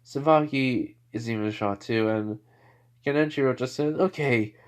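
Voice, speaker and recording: A man's voice: mid-range voice, normal speed, clean tone. A man improvising a spoken fan story, rambling with lots of "you know" and "like" fillers.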